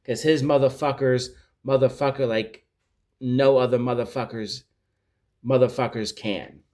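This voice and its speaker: A male vlogger casually recapping a TV series, rambling and animated, often searching for words. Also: mid-range voice, a little slow. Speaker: pop culture vlogger.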